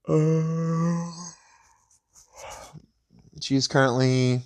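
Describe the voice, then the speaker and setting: Male storyteller, casual rambling retelling, slow and unhurried. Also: on the high side, fairly even intonation, darkish tone. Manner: rambling, halting, with many fillers and restarts.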